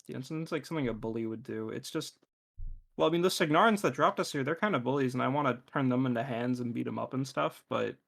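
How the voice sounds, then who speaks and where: Hesitant man with a gravelly voice. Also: mid-range voice, quick pace. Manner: hesitant, rambling, lots of fillers. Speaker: player. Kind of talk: casual game chat.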